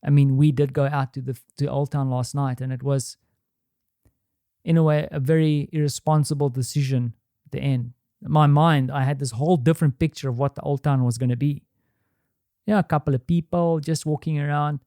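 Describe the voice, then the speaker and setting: A middle-aged man thinking out loud in a candid, rambling solo monologue, restarting sentences and swearing now and then. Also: a little high, steady tone, fairly quick, clean tone, dry recording, studio quality. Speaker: podcast host. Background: quiet home.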